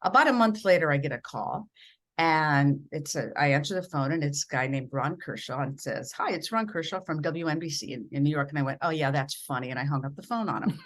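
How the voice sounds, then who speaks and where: Low-voiced woman telling lively stories. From rural Minnesota. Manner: animated storyteller acting out voices in quotes. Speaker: interview guest, broadcast journalist. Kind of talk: storytelling in a podcast interview.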